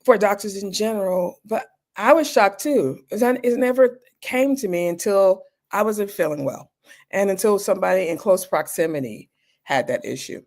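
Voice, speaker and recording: A woman's voice: medium pitch, normal speed, a little mellow. A woman in her fifties, a doctor guest telling frank stories in an interview, with a conversational, dryly humorous manner. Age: 50s. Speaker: guest, emergency doctor and speaker. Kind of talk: candid interview storytelling.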